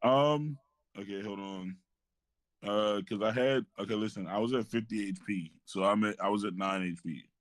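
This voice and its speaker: A man's voice: lowish voice, normal speed, dry recording. A man playing a tabletop game, talking in a laid-back, slangy way. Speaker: player.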